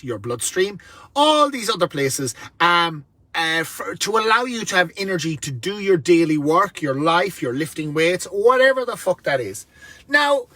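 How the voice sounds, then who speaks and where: Sweary ranting man with a high voice. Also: sharp tone, dry recording. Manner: blunt, sweary and rambling. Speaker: vlogger. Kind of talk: profane ranting to camera. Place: inside a van.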